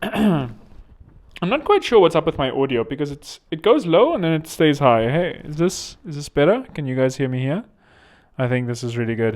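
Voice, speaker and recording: A man's voice: medium pitch, sing-song, moderate pace, pauses often. A man from South Africa with a South African accent, talking in a rambling, digressive monologue full of sarcastic, mocking asides. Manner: digressive, self-correcting. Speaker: online commentator.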